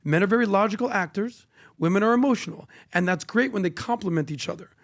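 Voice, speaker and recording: A man with a high-pitched voice co-hosts a casual talk show and gives brash, confident advice. He sounds dry and close to the mic. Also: quick pace, no echo. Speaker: co-host. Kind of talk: casual chat, giving advice.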